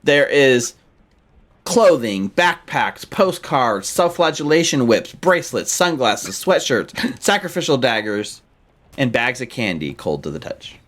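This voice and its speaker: A man narrating as game master for a group on a voice call. He talks loosely and casually, laughing often and leaning on fillers as he describes the scene. His voice sits at an ordinary middle pitch. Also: sing-song, unhurried, a bit bright.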